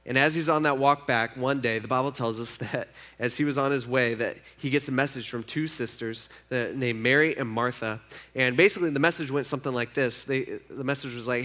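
A man's voice: mid-range voice, fairly quick, pushed and bright. A man preaching, retelling a Bible story in a casual, chatty way and acting out the characters' lines.

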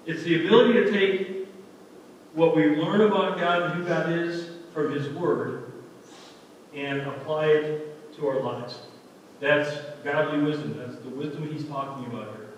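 Male pastor, fairly high voice, chatty and earnest, recorded from a distance in a church with a long echo. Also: measured pace, dull audio, slight background noise. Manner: earnest, conversational, digressive. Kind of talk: sermon. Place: church sanctuary. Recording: echoey hall from far off.

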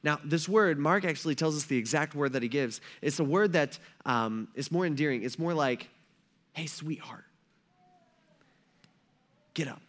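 High-voiced pastor preaching casually. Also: male voice, fairly quick, hardly any pauses, fairly bright tone. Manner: slangy and informal, acts out the story characters in everyday speech. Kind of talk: casual conversational sermon.

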